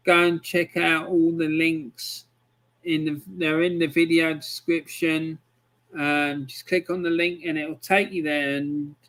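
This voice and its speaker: A man's voice: a little high, a bit bright. A man hosting a live stream, chatting casually with viewers and rambling with frequent ums as he reads out their messages.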